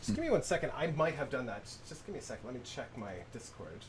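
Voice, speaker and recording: A man's voice: medium pitch, very animated, fast, a little hiss or hum. A man hosting a game livestream, chatting casually while he checks submissions, often distracted. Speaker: streamer host.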